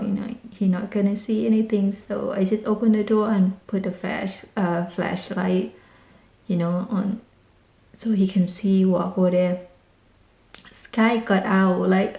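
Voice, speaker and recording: Excited woman with mellow voice, roomy. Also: medium pitch, unhurried, creaky. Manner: excited, animated retelling with dramatic exclamations. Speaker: vlogger. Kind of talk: casual storytelling. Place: home in rural Texas.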